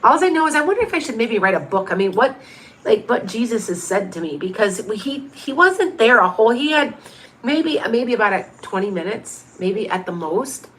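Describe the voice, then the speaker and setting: A woman's voice: on the high side, very animated, normal speed, a bit bright, slight background noise. A woman in her fifties, a medium hosting a livestream, chatting casually through viewer questions with lots of restarts and asides. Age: 50s.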